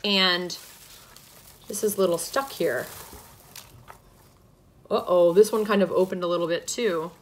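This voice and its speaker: A woman's voice: fairly low pitch, unhurried, long pauses. A woman hosting a casual skincare unboxing at home, gushing with enthusiasm as she talks through each product. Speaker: beauty vlogger and podcast host.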